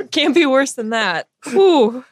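A woman's voice: high-pitched, expressive, slow. A woman playing along as a quiz contestant on a podcast, joking at her own expense. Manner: playful, self-mocking. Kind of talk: casual studio banter.

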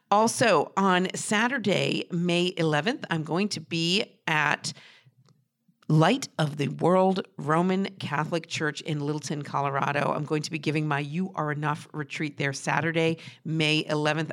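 Low-voiced woman hosting a podcast. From New Hampshire. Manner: friendly, with many fillers and restarts. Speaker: podcast host. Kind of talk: casual podcast monologue.

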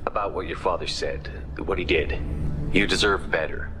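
An actor voicing a male human starship captain in a video game, calm and reassuring toward his crewmate. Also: low voice, moderate pace, natural voice. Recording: game audio with music behind.

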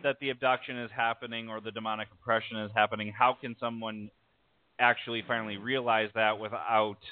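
Low-voiced host on a dry phone line. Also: male voice, level tone, a little fast, no room sound. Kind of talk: interview questions. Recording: dry tinny phone-like sound.

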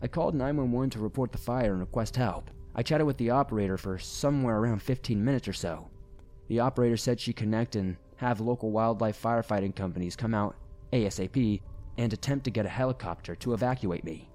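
Guy reading a scary story, steady and grave, bit of music under it. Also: on the low side, fast. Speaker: narrator. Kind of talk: first-person horror story narration. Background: faint music.

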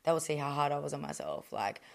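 An Australian woman in her thirties with a fairly low voice speaks candidly in an interview. Her talk is blunt and salty, full of swearing, fillers and quick restarts. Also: sing-song, gravelly. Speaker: boxer, interview guest.

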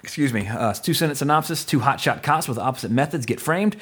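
A middle-aged man hosting a podcast, rambling through a movie review with quick asides and casual swearing. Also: mid-range voice, lively intonation, fairly bright tone, breathy edge. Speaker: podcast host.

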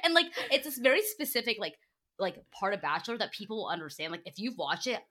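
A woman's voice: mid-range voice, very animated, fast, sharp tone. A young woman on a podcast as a guest, chatting casually, laughing hard and swearing. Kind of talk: casual chat.

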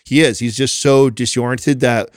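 A man's voice: medium pitch, fairly even intonation, normal speed, dry recording, clean studio sound. Rambling man in casual podcast chat. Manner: rambling, full of restarts and casual swearing. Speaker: podcast host.

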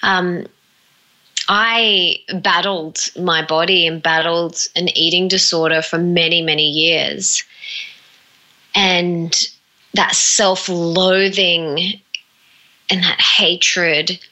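A woman's voice: on the low side, fairly even intonation, very slow, sharp tone, low-quality recording. A woman being interviewed as a motivational speaker, talking earnestly and with emphatic repetition. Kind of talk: heartfelt motivational talk.

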